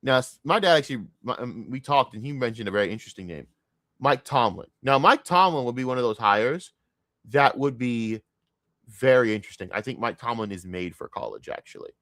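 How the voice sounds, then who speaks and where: A young streamer rants about football, cursing and rambling as he goes. His pitch swings widely between outbursts and mutters. The sound is dry and close, with no room around it. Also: sing-song, fairly quick, fairly bright tone, no room sound. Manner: profane, heated, rambling. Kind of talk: casual sports rant.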